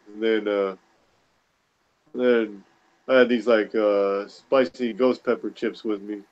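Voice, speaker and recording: A man's voice: fairly low pitch, steady tone, slow, long pauses. A man chatting casually as a livestream guest, rambling and hesitant, with many fillers. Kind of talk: casual chat. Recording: dull lo-fi call audio.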